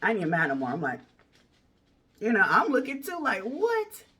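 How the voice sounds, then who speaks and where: A woman's voice: lowish voice, quick pace, distant mic. A woman vlogger telling a dramatic personal story in casual slang, acting out what other people said. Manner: animated, acts out other people's lines in raised voices.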